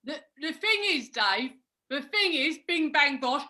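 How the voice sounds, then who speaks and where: A woman's voice: high-pitched, expressive, unhurried, pushed and bright, exaggerated voice. A woman playing a brash blind boxing coach. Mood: advising. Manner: barks boxing patter and count-downs, calls everyone mate. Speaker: improv performer. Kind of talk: improvised comedy sketch.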